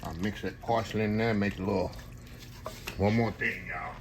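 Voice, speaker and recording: Cooking in his kitchen for his channel, this older host keeps up easygoing, folksy chatter and addresses his audience as y'all. He speaks at normal speed in a fairly low, steady voice over slight background noise.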